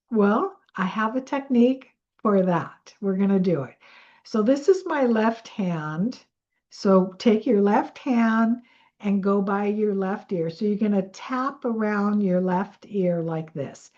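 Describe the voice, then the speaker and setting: A woman coach leading a slow guided breathing and affirmation exercise in a soothing way. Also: medium pitch, mellow, dull audio. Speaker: manifestation coach.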